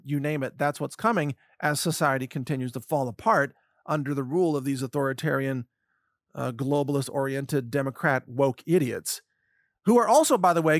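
High-voiced man in indignant monologue. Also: no room sound, studio quality. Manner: sarcastic, indignant, rapid-fire lists. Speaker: commentary host. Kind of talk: monologue commentary.

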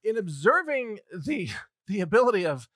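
A man's voice: high voice, very animated, normal speed. A man delivering a solo commentary monologue in a sarcastic tone, firing off rhetorical questions and chuckling at his own points.

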